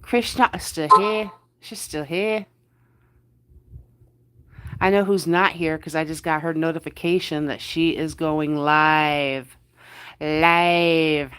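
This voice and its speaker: A woman's voice: low voice, steady tone, slow pace, pauses often, a bit bright, clear, resonant tone. A woman with a New Jersey accent hosting a casual livestream from bed, chatting with viewers, greeting them by name and repeating her words. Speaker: livestream host. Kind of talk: casual live chat with viewers. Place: in bed under the covers.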